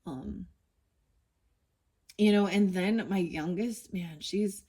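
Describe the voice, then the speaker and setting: A woman's voice: mid-range voice, slow pace, mellow, slightly rough. A middle-aged woman, a mother, chatting casually as she pulls and reads cards, rambling and saying "dude" and "you know" often. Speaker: tarot card reader. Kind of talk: casual card-reading chat.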